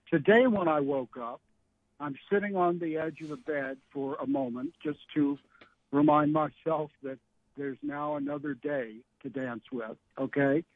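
A man's voice: on the high side, vocal fry, no room sound. A man in his sixties calling in to a radio show, wry and rambling as he tells a story, with frequent restarts. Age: 60s. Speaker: caller. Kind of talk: call-in radio chat. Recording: phone line.

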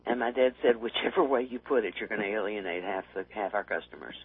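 A man chatting on a talk radio show, wry and quick to laugh at his own remarks. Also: on the low side, breathy edge. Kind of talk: casual political talk radio chat. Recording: tinny phone line.

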